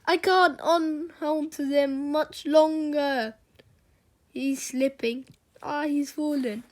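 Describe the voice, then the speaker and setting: A woman's voice: high voice, fairly even intonation, slow, pitched above the performer's own voice. A woman playing a sly little boy, fake-pleading. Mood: fake-anguished. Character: sly mischievous young boy. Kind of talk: storybook reading.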